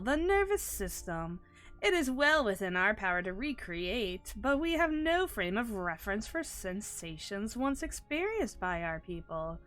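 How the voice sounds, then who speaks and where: A woman's voice: medium pitch, fairly bright tone. Woman putting on Kof, a stiff alien being. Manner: stiff, overly formal, pedantic phrasing. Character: formal, long-winded alien ether being. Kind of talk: reading game dialogue aloud in a put-on voice.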